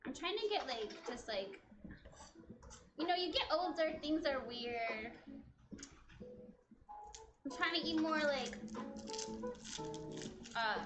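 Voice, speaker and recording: A woman's voice: high-pitched, animated, takes it slowly, long pauses, echoey room, over music. A woman in her late thirties chatting casually while cooking on a live stream, self-mocking and laughing often, teary from onions. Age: late 30s.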